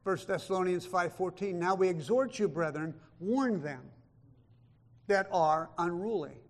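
A pastor with a voice that sits high delivers an emphatic sermon at a slightly slow pace. He swings between loud declarations and hushed asides and reads scripture in old-fashioned wording.

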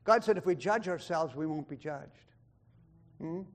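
A man preaching a sermon, emphatic, swinging from loud declarations to hushed asides and reading scripture in old-style wording. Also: a little high, lively intonation, a little slow. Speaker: pastor.

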